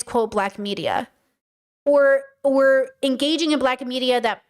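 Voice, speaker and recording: A young woman hosting a casual livestream podcast, talking in an emphatic, chatty way with many fillers and restarts. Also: high voice. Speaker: podcast host.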